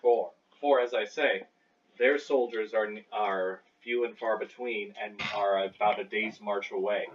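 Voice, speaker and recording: A man plays his character in a tabletop game with formal, measured speech. His voice is fairly low. He sounds distant and dull, with faint hiss behind him. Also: fairly even intonation. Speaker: player. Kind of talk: in-character negotiation.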